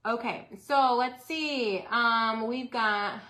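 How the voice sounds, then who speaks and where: Speaking at a normal pace with a medium-pitched voice, a woman runs a live DIY craft stream where she greets viewers by name, chats with them, and bursts into excited yelling.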